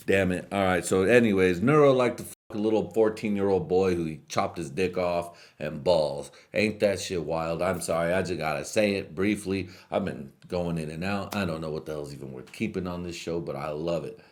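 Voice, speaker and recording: Deep-voiced, rambling, stoned male podcast host. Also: normal speed, few pauses. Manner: rambling and crude, with bursts of laughter. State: high on edibles. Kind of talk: rambling comedic monologue.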